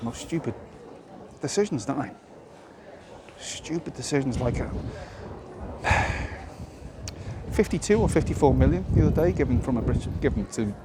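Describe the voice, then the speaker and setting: A man vlogging outdoors on a town walk, rambling and opinionated, full of rhetorical questions. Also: mid-range voice. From Britain. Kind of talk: casual walking monologue. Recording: outdoor street noise.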